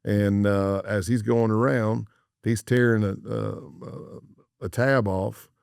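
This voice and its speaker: A middle-aged American man with a very low, gravelly voice tells a long story as a guest on a podcast. He acts out the lines of the people he quotes, and his voice sits close to a dry studio mic. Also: slow pace, dry recording. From United States. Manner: animated storyteller acting out quoted dialogue. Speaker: former undercover FBI agent, podcast guest.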